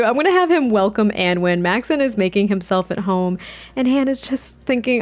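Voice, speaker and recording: Excitable young woman narrating gameplay. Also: medium pitch, moderate pace. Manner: excitable, chatty, with frequent gasps and laughs. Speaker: let's play gamer. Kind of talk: gameplay commentary.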